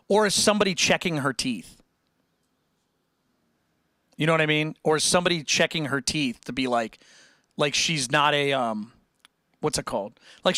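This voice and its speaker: A young man hosting a casual livestream chat, talking in loose, rambling bursts full of restarts. His voice is bright and sits a little high. The sound is close and dry. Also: dry recording. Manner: rambling, animated, many restarts and fillers.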